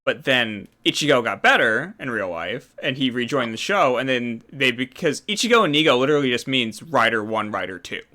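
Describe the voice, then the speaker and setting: Bright-voiced man rambling casually. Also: mid-range voice, animated, fairly quick, hardly any pauses. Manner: rambling, explains trivia. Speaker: host. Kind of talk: casual chat.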